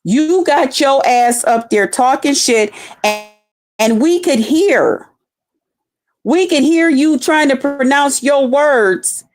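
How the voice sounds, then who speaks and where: A woman's voice: sits high, slow pace. A middle-aged woman, telling a heated, profane story on her stream and acting out other people's voices. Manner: profane, blunt, acts out quoted voices. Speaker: streamer responding to a rival.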